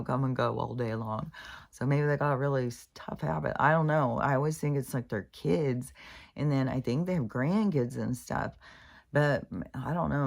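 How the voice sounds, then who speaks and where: Low-pitched woman, casual rambling vlog, chatty and profane, lots of fillers. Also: gravelly, darkish tone. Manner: chatty, meandering, full of fillers and asides, swears freely. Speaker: vlogger.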